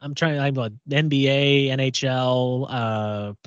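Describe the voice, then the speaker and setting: A man's voice: medium pitch, steady tone, takes it slowly, smooth, dry recording, dull audio. A man co-hosting a pop culture podcast in casual chat, often repeating words as he thinks. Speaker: podcast co-host.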